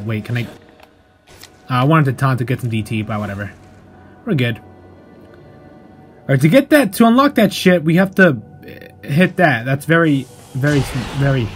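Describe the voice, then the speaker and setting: A young man casually commentating his gameplay, swearing freely and flaring into angry outbursts at the game, then settling back into chatty explaining. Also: mid-range voice. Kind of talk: casual let's-play commentary. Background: game music.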